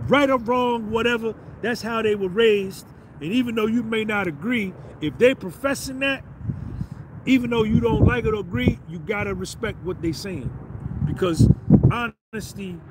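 A man's voice: high voice, heavy background noise. A man hosting a podcast, delivering a blunt, confrontational, slangy rant. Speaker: podcast host. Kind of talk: ranting monologue.

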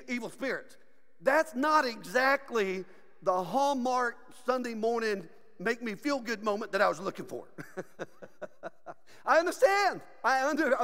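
A man preaching a sermon as pastor, animated and joking, often laughing. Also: extremely high pitch, long reverb tail. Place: church sanctuary.

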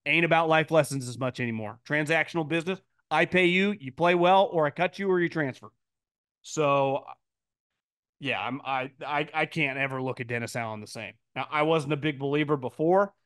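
Podcast host, male, slightly high voice, blunt opinionated mailbag commentary with lots of restarts. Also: moderate pace, fairly bright tone, clear, resonant tone, dry recording, clean studio sound. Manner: blunt, emphatic, mocking quoted voices in a high pitch; frequent restarts and stammered repeats. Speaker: podcast host answering listener mail.

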